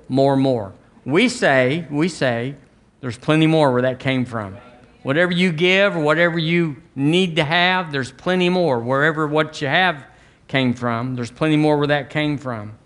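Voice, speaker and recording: A man's voice: fairly high pitch, fairly bright tone. A man preaching a fervent sermon as pastor, leading his church in call-and-response.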